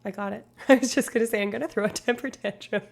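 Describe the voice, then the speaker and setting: A woman's voice: mid-range voice, fairly even intonation, quick pace, gravelly. A woman streamer in rambling, casual live-stream chat, swearing now and then.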